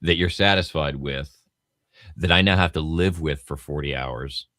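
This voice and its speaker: A man co-hosting a podcast, speaking in a measured, halting way. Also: very deep voice, fairly bright tone, dry recording, studio quality. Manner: measured, halting, lots of brief acknowledgements. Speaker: podcast co-host. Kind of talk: casual chat.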